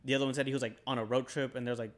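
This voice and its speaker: A man's voice: mid-range voice, flat delivery, very fast. A young man casually telling a spooky story, laid-back and peppered with swearing and filler words.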